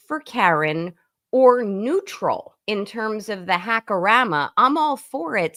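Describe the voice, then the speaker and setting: A woman lawyer talks casually as a guest on a livestream and thinks aloud as she goes. Her sentences stop and restart often, and her voice sits at a middle pitch. The sound comes through a video call. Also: fairly bright tone.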